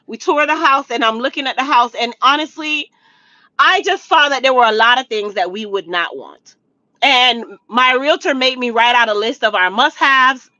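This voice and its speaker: Speaking in a fairly high, bright, forceful voice, a woman recounts a personal story to her viewers in a casual storytime vlog. She talks to them directly and repeats points for emphasis, and the lo-fi recording has no echo.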